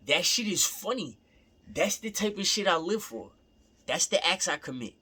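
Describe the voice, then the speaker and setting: A man's voice: high voice, lively intonation, moderate pace, bright, forceful tone, slightly rough. A young man in a casual, rambling rant, repeating himself and swearing freely. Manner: rambling, repeats himself, profane, laughing asides.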